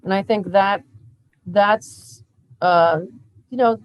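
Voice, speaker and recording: A middle-aged woman, a mother and podcast guest, telling stories in a lively, animated way. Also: mid-range voice, slow pace, dull audio, a little hiss or hum. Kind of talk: casual interview chat.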